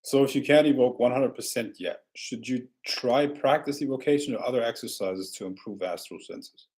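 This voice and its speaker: A man hosting a casual livestream, answering viewer questions in a relaxed, rambling way with frequent restarts. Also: medium pitch, moderate pace.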